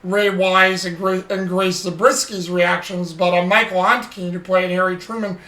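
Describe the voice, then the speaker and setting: A man's voice: high-pitched, little pitch movement, normal speed, pushed and bright, reverberant, low-quality recording. A man co-hosting a casual chat podcast, recapping a TV episode in a rambling way with lots of fillers. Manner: rambling, acts out quoted lines, frequent fillers.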